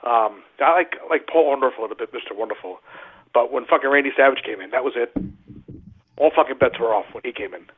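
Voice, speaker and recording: A man's voice: medium pitch, fast talker, husky. A man casually telling wrestling stories, swearing freely and laughing at his own punchlines. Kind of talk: casual storytelling with profanity. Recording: tinny phone line.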